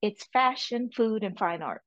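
A woman's voice: fairly high pitch, measured pace, dry recording, highs cut off. A woman from the Caribbean with a Caribbean accent, French her first language, talking emphatically as an interview guest. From French Saint Martin, Caribbean. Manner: animated, emphatic, frequent "you know". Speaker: interview guest, artist and caterer. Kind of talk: casual interview talk.

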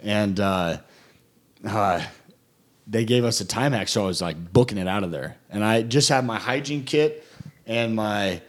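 A man's voice: fairly low pitch, a little slow. A young man telling boot camp stories in casual chat, rambling with fillers and frequent laughs. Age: young adult. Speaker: guest recounting boot camp.

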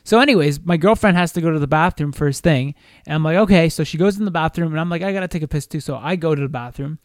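A young man on a podcast telling a long, animated story in casual chat, swearing freely and restarting his sentences often. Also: fairly high pitch, fast talker, dry recording, studio quality. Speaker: podcast co-host.

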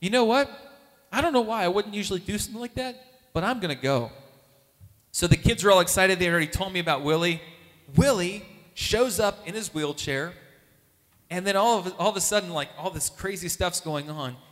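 A man briskly delivers a lively testimony of faith at a Catholic gathering, performing the quoted voices of the people in his story with big pitch swings. The sound carries a long hall reverb.

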